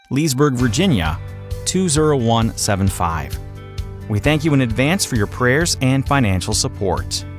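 A man reading a scripted ministry announcement with donation details in a smooth, even manner. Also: medium pitch. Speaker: radio program announcer. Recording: announcement over faint guitar music.

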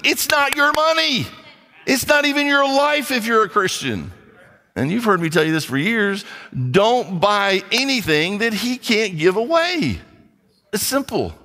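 Bright-voiced man preaching in a hall. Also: sits high, expressive, normal speed. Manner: conversational preaching, acts out dialogue. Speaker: pastor. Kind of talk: sermon.

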